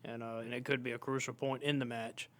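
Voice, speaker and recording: Man, clear resonant tone, middle pitch, measured casual chat. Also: little pitch movement, fairly bright tone. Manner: measured, easygoing, with frequent filler pauses. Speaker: podcast co-host and indie wrestler.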